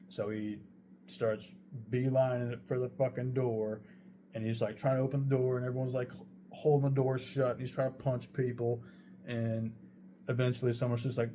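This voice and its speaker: A man's voice: medium pitch, level tone, normal speed, mellow, a little hiss or hum. A young man casually telling a true story, rambling and swearing heavily as he goes. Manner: profane, rambling, heavy swearing.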